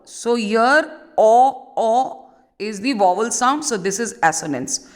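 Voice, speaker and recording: Woman teacher w a fairly high voice, explains slow, repeats stuff, lots of uhs. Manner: explains slowly, repeating key points, frequent uh fillers. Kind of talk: online literature lesson.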